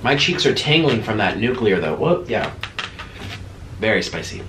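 A young man hosting an eating vlog, talking casually between bites with excited gasps and murmurs. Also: on the low side, moderate pace. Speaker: mukbang host. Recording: echoey room with faint noise.

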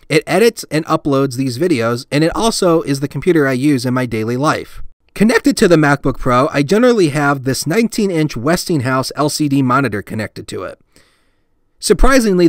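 A man hosting his tech channel, giving a relaxed, self-deprecating tour of his computer setup with plenty of fillers. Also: fairly high pitch, no room sound. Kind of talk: casual tour vlog with voice-over.

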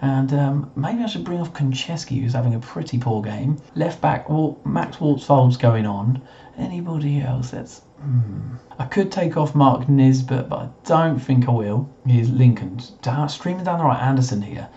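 A young man with a slightly croaky voice commentates his own football management game, muttering and then bursting into cheers at the screen. His voice is dark and mellow. The recording is a little dull and muffled. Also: medium pitch, normal speed, a little hiss or hum. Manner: excitable, swings between muttering and cheering at the screen. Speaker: gaming commentator. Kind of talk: casual let's-play commentary.

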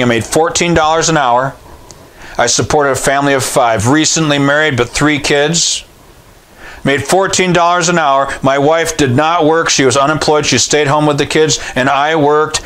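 A man's voice: high-pitched, a bit bright. A middle-aged man preaching a sermon in a direct, blunt, sometimes scolding way.

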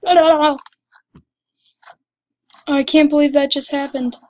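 A woman giving excited commentary over her gameplay, gushing and exclaiming breathlessly. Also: sits high, takes it slowly. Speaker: gamer.

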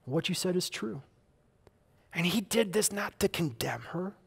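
High-voiced pastor preaching conversationally. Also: male voice, lively intonation, a little slow, gravelly, breathy edge. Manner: conversational preaching with emphatic repetition. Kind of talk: sermon. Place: church service.

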